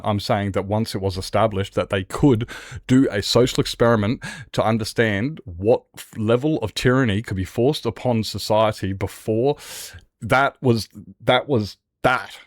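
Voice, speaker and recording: A man's voice: on the low side, brisk, no echo, studio quality. An Australian man streaming a game and ranting, heated and sweary, jumping between points. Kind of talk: live-stream rant while gaming.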